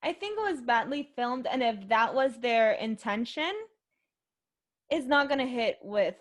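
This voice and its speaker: High-voiced young woman gushing casually. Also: lively intonation, a little slow. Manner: rambling, filler-heavy, emotional. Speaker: podcast host. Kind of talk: casual movie review chat.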